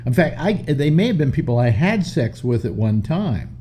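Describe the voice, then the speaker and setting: An older man hosts a talk show from home, rambling and restarting as he chats. His voice is mellow and swings around a lot in pitch, a little stuffy from a runny nose. A faint hum sits underneath. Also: very animated. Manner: rambling, chatty, halting restarts. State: stuffy nose, slightly short of breath. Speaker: radio talk show host. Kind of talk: casual call-in chat. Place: home studio in New York.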